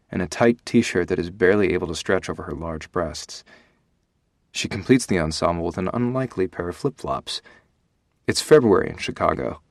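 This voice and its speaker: A man reading a first-person audiobook, expressive and giving voice to the dialogue. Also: deep voice, dry recording, clean studio sound. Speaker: audiobook narrator.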